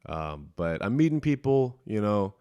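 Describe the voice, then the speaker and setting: Low-voiced man rambling casually, dry sound. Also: very animated, a little slow, dark tone, smooth, no echo, lo-fi sound. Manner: rambling, self-deprecating, swears freely, restarts a lot. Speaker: podcast host. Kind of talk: casual solo podcast monologue. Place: small apartment room.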